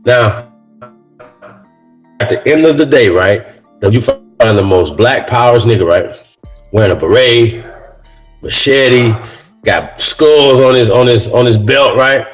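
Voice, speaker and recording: A man's voice: mid-range voice, unhurried, long pauses, faint music behind, poor audio. A man hosting a casual talk show, speaking in a loose monologue that keeps landing on "man" and "right?", and getting heated as he goes. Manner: says "man" and "right?" often; gets heated. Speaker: podcast host.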